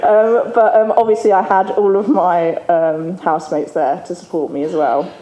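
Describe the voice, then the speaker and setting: In a warm, fairly low voice, a woman tells an audience about her recovery at a normal pace with fairly even intonation. Her testimony is candid and conversational, broken up by frequent laughter. The event hall sounds echoey, with faint ambience in the room.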